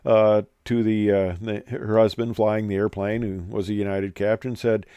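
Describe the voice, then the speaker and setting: A man's voice: on the low side, level tone, normal speed, warm tone, clean tone, dry recording, highs cut off. A man, an airline pilot, telling an aviation story in a casual, rambling way with many hesitations.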